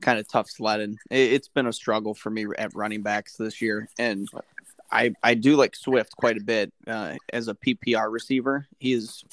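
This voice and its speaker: A man co-hosting a podcast in casual chat, thinking out loud with pauses and hedges as he weighs his picks. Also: fairly low pitch, steady tone, no room sound. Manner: thoughtful, hedging, reasons out loud with fillers. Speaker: fantasy league podcast co-host.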